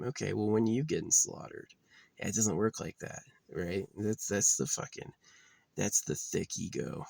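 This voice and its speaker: A man's voice: fairly low pitch, sing-song, moderate pace, gravelly, no echo. A man delivering a bitter, profane, rambling monologue as a vlogger.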